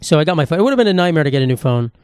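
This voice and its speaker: A man's voice: on the high side, sing-song, very fast, a little mellow, smooth, dry recording, clean studio sound. A man hosting a podcast alone, telling stories in a rambling, swearing, self-mocking way, recorded on a phone. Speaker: podcast host. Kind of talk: casual solo monologue.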